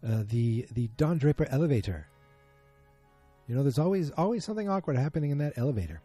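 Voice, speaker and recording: A man with a husky, very dark and mellow voice talks through a TV episode as a podcast host. He rambles casually, stops to correct himself and fills gaps with ums. Faint music sits behind him. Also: mid-range voice, expressive, fast talker. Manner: rambling, filler-heavy, self-correcting. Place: at home beside a muted streaming screen.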